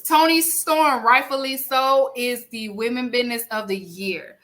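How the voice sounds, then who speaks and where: A woman's voice: a little high, unhurried, hardly any pauses, bright, forceful tone. A young woman hosting a podcast, announcing award winners in playful, casual chat. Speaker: podcast host.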